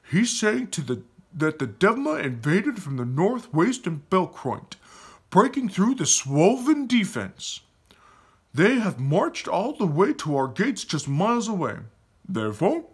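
A man's voice: on the high side, breathy edge, pitched above the performer's own voice, heavily acted. A man voicing a stern, scolding old chief. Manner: scolding, dismissive. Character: stern, proud older male tribal chief.

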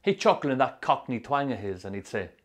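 An actor narrating a film as a troubled young Irish man with a Sligo accent, telling his rough youth in a dry, sardonic way. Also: medium pitch, very animated, brisk, close to an everyday voice. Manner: dry, sardonic storytelling with strong swearing. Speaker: narrator, the film's lead. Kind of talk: scripted film voice-over.

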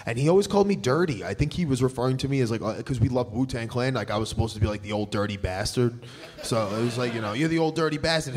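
A man from Staten Island with a New York accent, a pro wrestler telling stories in casual podcast chat, full of fillers and restarts. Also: a little high. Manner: rambling, filler-heavy storytelling. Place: live show venue.

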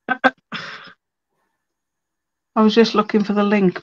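A woman's voice: medium pitch, level tone, slow, pauses often, dry recording, lo-fi sound. A woman hosting a casual crafting livestream, talking half to herself as she works. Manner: muttering to herself while working. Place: home craft room.

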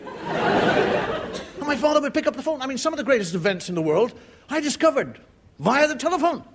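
An Irish comedian does a stand-up monologue on television, acting out the voices of the characters in his story. His voice is extremely high and very animated, at a normal speed. Audience laughter and noise from the studio crowd fill the background.

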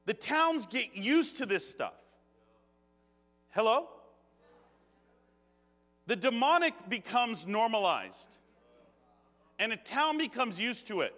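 Bright, lively joking male preacher. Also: very high voice, slow, pauses often. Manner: joking, animated, laughs often. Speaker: guest preacher. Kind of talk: conversational sermon. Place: church sanctuary. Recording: long reverb of a church hall.

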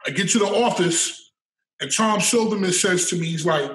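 A middle-aged man telling his story as an interview guest, animated, emphatic and full of swearing. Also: high voice, normal speed, slight background noise. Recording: echoey room, mic at a distance.

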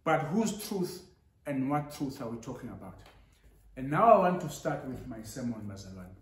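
A man's voice: mid-range voice, sing-song, moderate pace. A man preaching a sermon with rising emphasis, switching into Zulu now and then. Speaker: pastor. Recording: echoey church hall.

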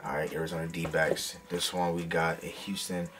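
Deep-voiced man hyping a hat unboxing. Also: moderate pace, soft background music. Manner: excited slangy hype talk. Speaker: hat vlogger. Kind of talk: casual unboxing vlog.

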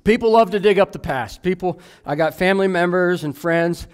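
A man's voice: high voice, normal speed, clear, resonant tone. A man in his thirties preaching a sermon, telling his own testimony in a candid, self-deprecating way with the odd joke.

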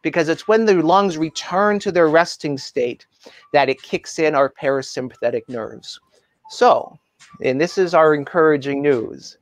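A man who works as a positivity coach and speaker, giving a measured, earnest motivational message that slows down for emphasis. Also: fairly high pitch, no room sound.

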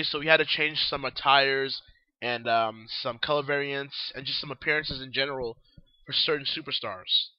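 A man's voice: a little high, lo-fi sound. A young man hosting a casual solo newscast, his voice groggy and worn out, rambling and talking while he eats. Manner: rambling, talks while eating and drinking. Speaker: host.

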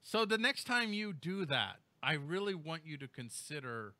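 A man hosting a casual podcast, animated and jokey, swinging between loud remarks and mumbled asides. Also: fairly high pitch, normal speed, no echo. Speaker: podcast host.

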